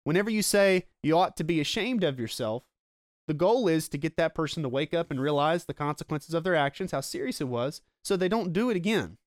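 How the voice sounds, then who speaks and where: Male pastor, earnest teaching sermon, slightly high voice, dry close recording. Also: expressive, no echo. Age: adult with children. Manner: earnest, explanatory, slows down for emphasis.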